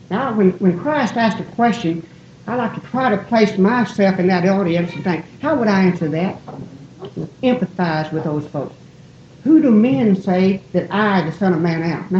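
A woman preaching a sermon in a church, folksy and digressive, often breaking off and gently poking fun at herself. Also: mid-range voice, slight background noise. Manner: digressive, folksy, self-deprecating. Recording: roomy, dull lo-fi church recording.

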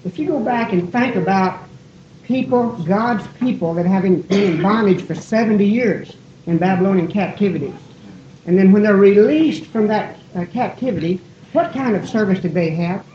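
A woman preaching a sermon in a church, folksy and digressive, often breaking off and gently poking fun at herself. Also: mid-range voice, moderate pace, a little hiss or hum. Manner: digressive, folksy, self-deprecating. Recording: roomy, dull lo-fi church recording.

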